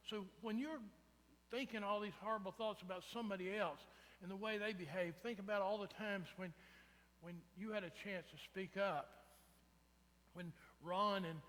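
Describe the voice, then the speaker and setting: A pastor with a high-pitched, steady, fairly bright voice preaches a sermon at a moderate pace in a church sanctuary. His style is conversational, and he often asks the congregation "right?". The recording carries the reverberation of the sanctuary.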